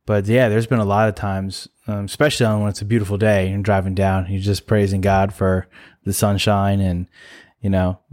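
A man's voice: on the low side, little pitch movement, a little fast, a little mellow. A man co-hosting a casual conversation about faith, talking in an easygoing, rambling way and laughing often. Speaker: podcast co-host.

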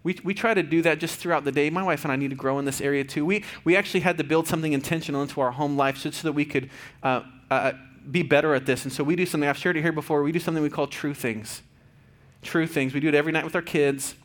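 A man in his thirties, a pastor giving a conversational, earnest sermon with fillers and restarts, going soft and quiet at tender points. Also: fairly high pitch, steady tone, fast talker. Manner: drops to soft, quiet tones for tender moments.

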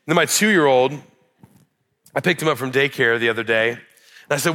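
A man's voice: medium pitch, moderate pace, bright, forceful tone. A young man preaching a sermon as pastor, earnest and building to emphatic peaks.

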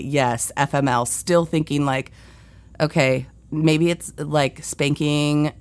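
A woman in her thirties hosting a podcast, telling stories in a casual, candid way, swearing freely and laughing often. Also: deep voice. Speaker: podcast host. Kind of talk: casual storytelling monologue.

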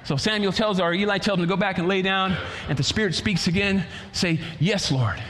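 Male pastor, fairly high voice, fervent sermon delivery in a reverberant church hall. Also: fairly even intonation, a little fast, a bit bright, slight background noise. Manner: preaching with swells of volume and stretched phrases.

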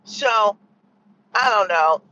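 A woman's voice: medium pitch, lively intonation, very slow, sharp tone, highs cut off, slight background noise. Sarcastic woman vlogging from a car. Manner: sarcastic, rambling, lots of fillers. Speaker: vlogger sharing opinions. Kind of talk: casual opinion monologue.

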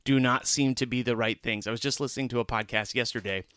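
Bright-voiced man discussing scripture. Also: medium pitch, fast talker, clean tone, no echo. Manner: earnest, animated when retelling scenes. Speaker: podcast co-host. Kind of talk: casual Bible study discussion.

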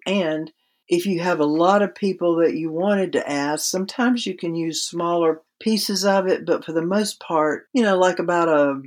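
A woman guest on a podcast interview, explaining writing craft in a conversational way with practical examples. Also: sits low.

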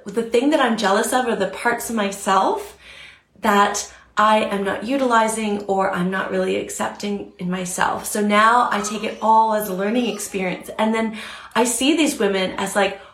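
A woman's voice: medium pitch, a bit bright, echoey room. A young woman coaching on a live stream, talking earnestly and reflectively with many fillers. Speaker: spiritual coach. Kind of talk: instagram live talk.

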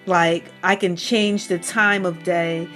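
Woman, middle-aged, relaxed explainer with frequent laughs, light music bed. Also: lowish voice, slow pace. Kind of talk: casual chat.

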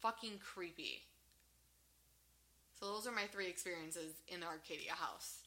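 A woman co-hosting a podcast, telling a story in an animated, casual way, swearing freely and laughing often. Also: lowish voice, unhurried. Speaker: podcast co-host.

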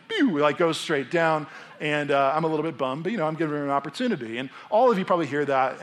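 A man in his thirties preaching a sermon as pastor, telling stories in an animated way and acting out voices. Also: medium pitch.

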